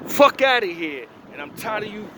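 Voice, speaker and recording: High-pitched and sing-song, his bright voice comes across forcefully at a normal speed. The young video creator delivers a profane, preachy pep talk by a street, blunt in manner, with street noise in the recording.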